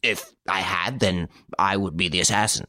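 A man with a low, sharp voice and fairly even intonation reads an audiobook at normal speed in clean studio sound with no echo. He voices a frightened young male servant, cornered and accused of murder, who stammers fearfully while defending himself.

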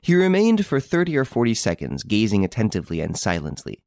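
Man reading a story aloud, lowish voice, very animated delivery, dead dry mic. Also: fairly quick, dry recording. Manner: expressive, varied storytelling delivery. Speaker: audiobook narrator. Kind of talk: scripted narration.

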